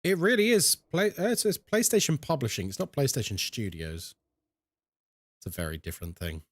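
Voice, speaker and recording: A young man streaming a horror game, chatting with his viewers in a jokey, animated way. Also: mid-range voice, normal speed, no echo. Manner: animated and chatty, reads chat aloud, jokey asides. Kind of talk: casual live-stream chat while gaming.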